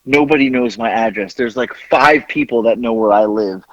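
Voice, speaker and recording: A man's voice: mid-range voice, moderate pace, no echo. A man hosting a podcast, telling a story with lots of swearing and acting out both sides of a phone call. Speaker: podcast host.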